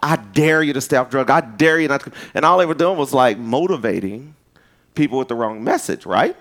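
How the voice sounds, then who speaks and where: Animated preacher man, lively sermon. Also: fairly quick. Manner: animated storytelling, jumps to high excited pitch for quoted voices.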